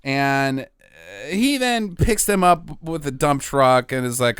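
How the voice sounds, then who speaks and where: A man's voice: on the high side, takes it slowly, clean tone, no echo, studio quality. A man co-hosting a podcast, sarcastically recapping a bad movie in casual chat. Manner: sarcastic, animated recapping with mock villain lines. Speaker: podcast co-host.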